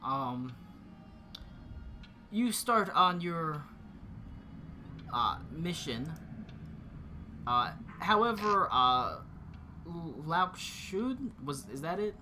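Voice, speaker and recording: Male game master, halting narration, piercingly bright timbre. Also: on the high side, lively intonation, slight background noise. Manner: halting, full of fillers and restarts.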